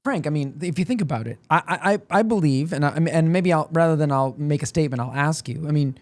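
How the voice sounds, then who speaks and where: Co-host guy, slightly high voice, dry sound, throws in quick reactions and laughs. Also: darkish tone, no echo. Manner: chimes in with short reactions and laughs. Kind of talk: casual on-air chat.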